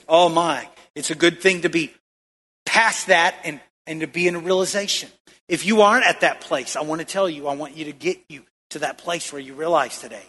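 Male pastor, bright ringing voice, call-and-response sermon, echoey church hall. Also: high voice. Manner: preaching with call-and-response questions to the congregation.

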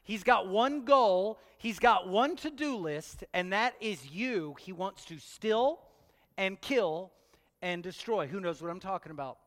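This pastor's voice is high-pitched and animated, a little slow, with a fairly bright tone. Speaking playfully in a church hall, he jokes with the congregation during his sermon and fires one direct question at them after another, all carried by long hall reverb.

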